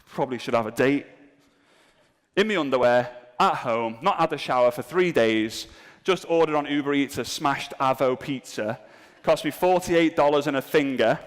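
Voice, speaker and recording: A man's voice: a little high, normal speed, in a large hall. A man giving a comedic live seminar talk to an audience in an event room, joking and poking fun at himself with asides to the crowd. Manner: jokey, self-mocking, asides to the crowd. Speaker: seminar speaker.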